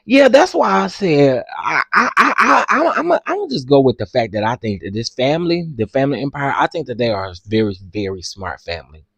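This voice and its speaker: Chatty man with an animated voice. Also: mid-range voice, brisk, gravelly, hardly any pauses, breathy edge, no room sound. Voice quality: chatty, stammering restarts, giggly. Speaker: commentator reading viewer comments. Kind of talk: casual chat.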